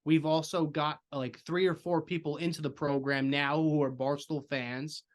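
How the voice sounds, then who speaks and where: A man's voice: fairly high pitch, little pitch movement, normal speed. A man speaking earnestly as a podcast guest in casual chat, leaning on filler phrases.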